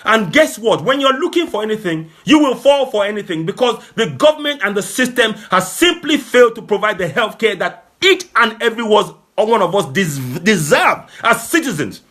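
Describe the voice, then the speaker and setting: Man, fervent political broadcaster, high, husky voice, rising to shouts. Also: big pitch swings, moderate pace, hardly any pauses. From Nigeria. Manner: fervent, repetitive, sometimes shouting. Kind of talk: impassioned political address.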